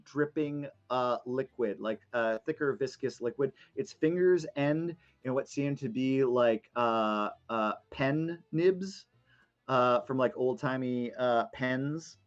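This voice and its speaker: A man's voice: mid-range voice, lo-fi sound. A man narrating as dungeon master, rambling with lots of fillers. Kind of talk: narrating a tabletop game.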